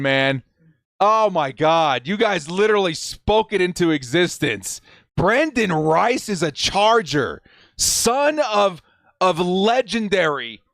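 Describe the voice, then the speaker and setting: A young adult man hosting a live fan watch party stream, excitedly shouting reactions and reading chat messages aloud. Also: high-pitched, dry recording, studio quality.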